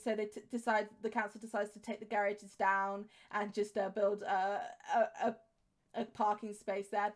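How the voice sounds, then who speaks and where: A woman in her twenties with an English accent talks through a game build. Her voice sits a little high, and she rambles casually with lots of ums and restarts. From England. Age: 20s. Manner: rambling, chatty, full of fillers and restarts. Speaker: game streamer. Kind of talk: casual gameplay commentary.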